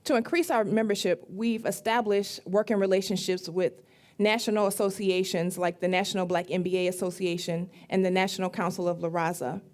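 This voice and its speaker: Female founder, mid-pitched voice, steady formal pitch delivery. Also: brisk. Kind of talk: rehearsed pitch presentation.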